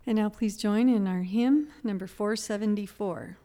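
A woman singing a hymn slowly with sustained notes. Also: mid-range voice, dark tone. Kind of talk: slow sung hymn. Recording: singing over clear music.

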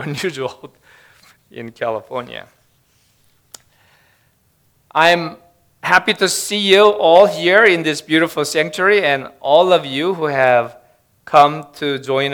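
Slow, hesitant male pastor preaching. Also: medium pitch, a bit bright, clean tone. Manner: hesitant, many fillers. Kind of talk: sermon. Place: church sanctuary.

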